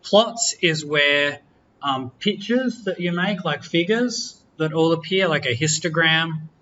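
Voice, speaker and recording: A man teaching a university class, walking students through software in a relaxed, chatty way, correcting himself and joking as he goes. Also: fairly high pitch, takes it slowly, lo-fi sound, slight background noise. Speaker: university lecturer. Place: lecture room.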